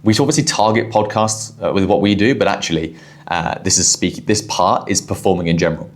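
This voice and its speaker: A man with a southwest English accent and quick, explanatory delivery, commenting as host on a recorded podcast clip. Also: low voice. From southwest England. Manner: quick-talking, explanatory, with restarts.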